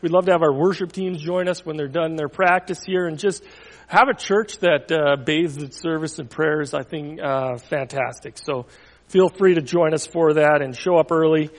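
A man with a high-pitched voice speaks as a pastor in a church. He tells a story with dramatic pauses and sudden quiet moments, and his words ring out with a long reverb around the hall. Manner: expressive storytelling, dramatic pauses, drops to near whisper. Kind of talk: children's story reading then church announcements.

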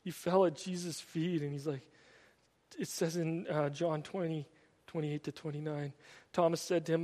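A man preaching a sermon, retelling stories in an animated, storytelling way with many repeated "and"s. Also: a little high, normal speed. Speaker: pastor. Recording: long hall reverb.

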